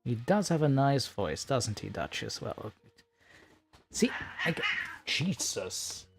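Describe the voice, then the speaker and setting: A man's voice: medium pitch, very animated, slow pace, soft background music. Chatty man hosting a livestream. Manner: rambling and chatty, laughing often. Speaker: livestream host and story narrator. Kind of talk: casual livestream chat.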